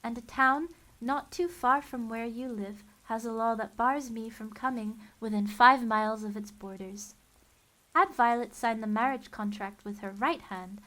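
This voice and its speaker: A woman's voice: fairly high pitch, fairly bright tone. A woman reading a children's novel aloud as narrator in a wry, dry tone. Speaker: storyteller. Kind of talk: audiobook-style book reading.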